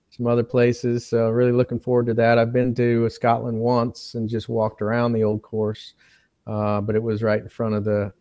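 A man, a university professor, speaking as a guest on an interview podcast in an even, plain-spoken way. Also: medium pitch, clean tone, dry recording. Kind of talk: casual interview chat.

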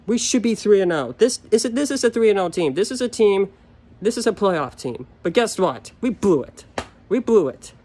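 Furious young man ranting, a bit high. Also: animated, fairly quick, darkish tone, soft background music. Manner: frustrated, repetitive, swearing. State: upset and furious. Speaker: sports fan ranting on video. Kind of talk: angry solo rant.

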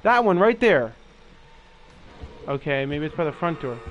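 A man's voice: on the high side, very animated, measured pace, muffled recording, faint music behind. Jumpy young man reacting to a horror game. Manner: jumpy, swearing, talks to viewers. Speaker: gaming video host. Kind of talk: scared let's-play commentary.

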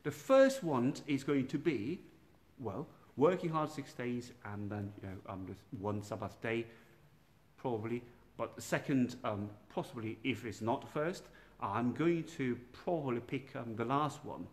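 A man, a priest, giving an informal night prayer talk in a gentle, halting way, with many pauses and restarts, recorded without a proper microphone. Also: mid-range voice, expressive. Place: dark church room by candlelight. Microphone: no external microphone, built-in device mic. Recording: poor sound quality without microphone.

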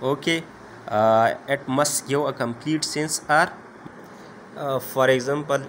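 Slow, halting man teaching grammar. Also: medium pitch, fairly bright tone, a little hiss or hum. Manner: slow, halting, many "uh" and "okay" fillers. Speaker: English teacher. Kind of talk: explaining grammar lesson.

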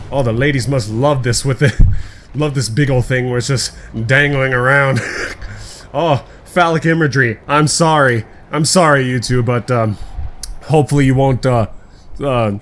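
A man's voice: medium pitch, a little hiss or hum. A young man giving casual gameplay commentary as a YouTuber, crude, joking and rambling, swearing often.

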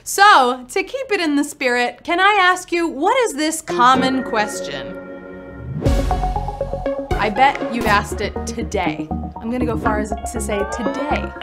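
A woman's voice: high voice, expressive, a little slow, pushed and bright, faint music behind. A woman hosting a live word game show, talking in a playful, upbeat patter full of puns.

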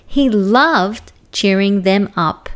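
A woman with an Australian accent reading a children's picture book aloud, slow and expressive. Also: medium pitch. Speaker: storytime reader.

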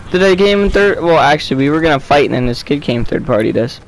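A young man giving casual, jokey commentary while playing a video game, breaking into excited yelps. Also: on the high side, fast talker, few pauses, rough recording. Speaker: gaming video creator.

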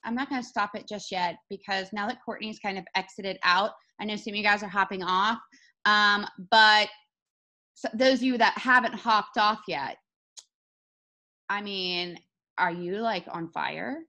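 Bright, emphatic woman leading a call. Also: medium pitch, unhurried. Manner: energetic and emphatic, rising to excited peaks. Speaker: team leader hosting the call. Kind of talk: motivational talk to her team.

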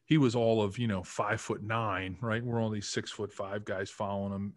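Speaking a little fast in a lowish voice with no room sound, this fiftysomething ex-lineman from the Philadelphia area of the United States tells stories as a podcast guest. He's an animated talker who acts out quotes and leans heavily on fillers in the casual interview.

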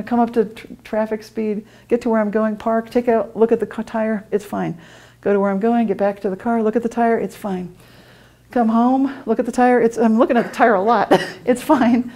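A woman's voice: on the high side, dark tone. A middle-aged woman giving a conference talk, telling personal stories with frequent laughter and acting out her own thoughts. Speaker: conference speaker. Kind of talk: storytelling presentation. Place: conference room.

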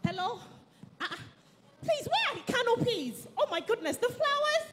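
An actress playing a flustered wedding planner with a Nigerian Yoruba accent, shouting orders fast and excitedly. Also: female voice, extremely high pitch, a little hiss or hum, full character voice. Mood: frantic. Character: frantic female wedding planner, bossy and flustered.

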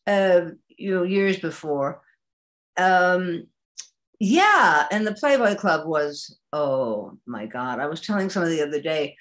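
An older actress, a woman, telling a lively anecdote in an interview with laughter and animation. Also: on the low side. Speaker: actress guest. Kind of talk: anecdotal storytelling.

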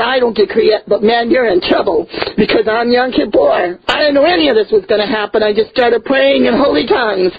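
A woman preaches a fiery sermon of rebuke, her fairly high voice husky and breaking with tears as she repeats words for emphasis. The recording sounds dull and lo-fi. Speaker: prophet and ministry leader.

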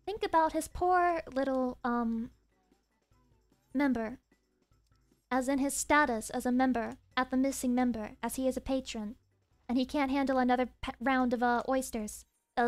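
A woman streaming a game from her desk, chatting in an excitable, rambling way full of swearing. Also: high-pitched. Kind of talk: casual game stream chat. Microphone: desk mic.

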